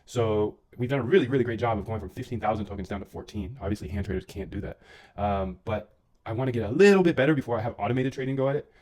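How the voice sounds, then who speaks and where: A man with a fairly low voice talks loosely through a live coding stream, full of slang and side comments to his chat. He chews food between lines while he works at his desk. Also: quick pace, darkish tone. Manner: eating while talking. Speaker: livestreaming coder and trader.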